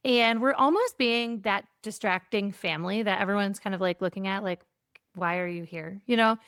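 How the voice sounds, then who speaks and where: A woman who is the guest on an interview podcast. She tells stories in a lively way, acts out bits of dialogue and says "like" often. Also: medium pitch, brisk, clear, resonant tone, no echo, clean studio sound. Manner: animated storyteller, acts out dialogue, frequent "like". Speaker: guest, keynote speaker on joy. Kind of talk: casual interview storytelling.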